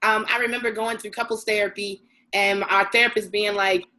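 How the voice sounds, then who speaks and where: A woman's voice: mid-range voice, flat delivery, brisk, bright, forceful tone, low-quality recording. A woman hosting a casual chat, asking questions and laughing easily.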